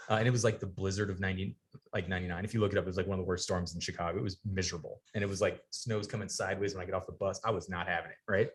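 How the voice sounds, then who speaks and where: A man with a lowish voice tells his story at a fast clip, slipping into the voices of the people in it and swearing freely. He is a guest in a podcast studio, chatting casually. He is in his forties. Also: steady tone. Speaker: podcast guest, retired Navy sailor.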